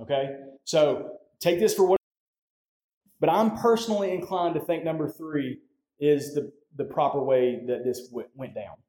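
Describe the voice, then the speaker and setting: A man delivers a sermon in a loose, conversational way, tossing in "right?" after his points. His voice sits somewhat high for a man but sounds mellow and warm. The sound carries a roomy echo, as though the sermon is picked up in a church hall. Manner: conversational, often tags "right?". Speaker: pastor.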